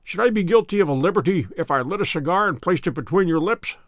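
A man voicing a calm, self-assured middle-aged detective who speaks with dry, courteous irony in an audiobook. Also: high voice, fast, no echo. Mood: calm, ironic. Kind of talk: audiobook character voice.

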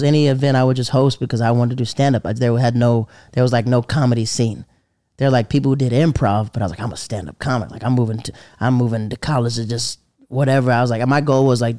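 This Southern comedian talks quickly in a mid-range, warm, resonant voice with fairly even intonation, rambling through a casual story full of "like" fillers. He performs the quoted voices of his characters, and the recording is clear, dry, and clean.

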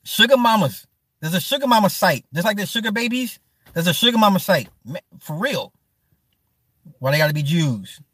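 A man hosting a livestream who chats casually with his viewers, animated and profane, laughing often and answering them by name. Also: sits high, moderate pace, slightly rough, dry recording, clean studio sound. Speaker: livestream host. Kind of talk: casual stream chat.

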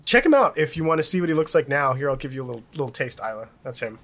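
A man co-hosting a casual TV recap podcast, rambling and animated, laughing often. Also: mid-range voice, very fast. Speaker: podcast co-host.

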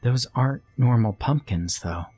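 A man's voice: medium pitch, expressive, moderate pace, dark tone, husky, faint music behind. A man voicing a frightened, timid young boy whose voice shakes and cracks as he pleads near tears. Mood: uneasy.

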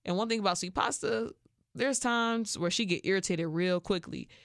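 A young woman from Chicago, speaking with a Chicago accent in a mid-range voice at normal speed, hosts a podcast and tells a story casually and animatedly. She acts out quoted voices with laughs, and the studio recording is dry and clean.

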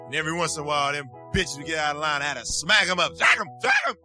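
An actor playing a brash, boastful junkie pimp puppet clown in a short animated film, over music. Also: male voice, a little high, very fast. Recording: film soundtrack with music behind.

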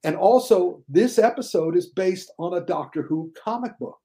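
Animated older man chatting, mellow tone. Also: moderate pace. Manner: animated, mocks critics in high shouted voices. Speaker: guest film critic. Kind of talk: casual podcast chat.

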